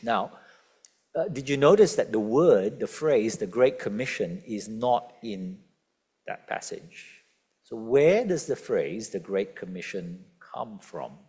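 A man's voice: on the low side, unhurried. A man preaching a sermon, asking the congregation questions and stressing key words. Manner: lively, questioning the congregation, emphatic quotes. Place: church.

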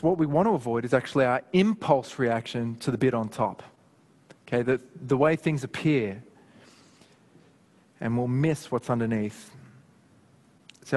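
Pastor preaching in an echoing hall. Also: male voice, medium pitch. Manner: conversational, animated, with personal anecdotes. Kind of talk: sermon. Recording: long hall reverb.

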